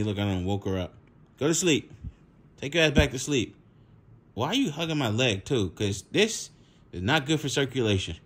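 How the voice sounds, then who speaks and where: A young man, telling a casual story at home, animated, laughing often and swearing freely. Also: a little high, slightly rough. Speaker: vlogger.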